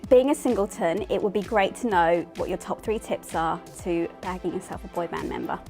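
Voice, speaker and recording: A woman's voice: lowish voice, a little fast, music in the background. A woman from Britain interviewing a guest in an upbeat way, laughing easily. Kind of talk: casual interview questions.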